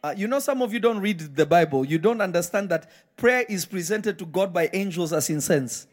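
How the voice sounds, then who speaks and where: A man's voice: high-pitched, expressive, a little fast. A man preaching a live sermon in church, emphatic and firing repeated questions at the congregation. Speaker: pastor.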